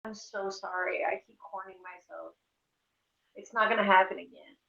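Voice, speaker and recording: A woman's voice: medium pitch, steady tone, moderate pace, creaky, pushed and bright. A woman in her forties casually chatting and swearing as she cooks on a livestream. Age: 40s. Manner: chatty, profane, self-deprecating. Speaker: streamer. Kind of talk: casual cooking livestream chat. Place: home kitchen. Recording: echoey room, dull lo-fi audio.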